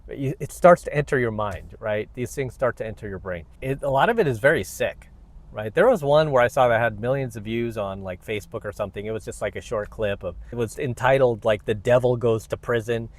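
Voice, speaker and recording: A man's voice: medium pitch, brisk. A man hosting his own channel, ranting to camera in a blunt, preachy, combative way. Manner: blunt, combative and preachy, many "you know what"s. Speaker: vlogger, self-help channel host.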